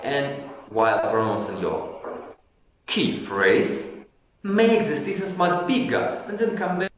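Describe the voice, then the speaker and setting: A male trainer giving an online lecture. He explains as he goes, often stops to restart a phrase, and demonstrates changes of pitch and pace with his own voice. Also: lively intonation. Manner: halting, frequent restarts. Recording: echoey room, dull lo-fi sound.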